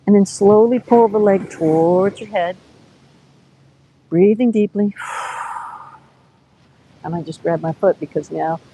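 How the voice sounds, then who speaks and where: A woman over fifty teaching a live yoga class outdoors on a beach, giving gentle, coaxing cues and counting breaths. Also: on the low side, slight background noise, low-quality recording.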